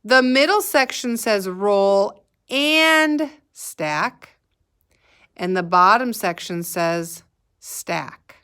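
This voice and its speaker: A female kindergarten teacher talks through a recorded math lesson at a gentle, unhurried pace. She prompts the children to say words back to her in a patient, encouraging way. Her voice sits at an ordinary middle pitch. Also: animated, smooth. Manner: slow, patient, sing-song prompting for children to repeat.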